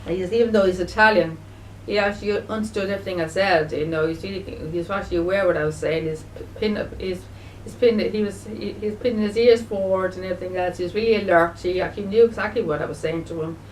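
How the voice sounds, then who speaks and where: A woman video blogger speaking in a casual, halting way, full of fillers and restarts, and sounding emotional and grieving. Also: mid-range voice, steady tone, far from the mic, slight background noise, low-quality recording. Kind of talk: casual spoken remembrance.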